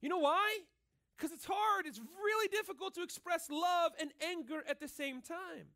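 High-voiced man preaching a casual sermon. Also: normal speed, fairly bright tone. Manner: casual and earnest, filling speech with "like" and "right?". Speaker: pastor. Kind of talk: conversational sermon. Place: church.

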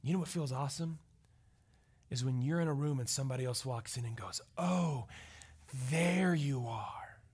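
A man preaching a conversational sermon as pastor, telling stories with animated delivery and often checking in with the crowd. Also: mid-range voice, quick pace. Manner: animated storytelling, often asks the crowd "right?".

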